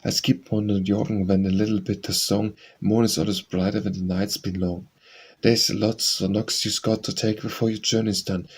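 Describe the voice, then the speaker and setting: A man recites verse for an audiobook in a rhythmic, sing-song lilt. His voice sits a little low and has a husky, breathy grain. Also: level tone, normal speed. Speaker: audiobook reader.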